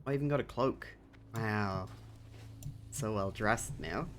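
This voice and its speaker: Speaking slowly at a medium pitch, a streamer keeps up playful, casual chatter during a game and laughs often. The background is noisy, with music playing.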